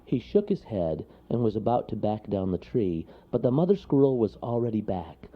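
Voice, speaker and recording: A man reading a children's storybook aloud with expressive delivery. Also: lowish voice, normal speed. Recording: lo-fi recording.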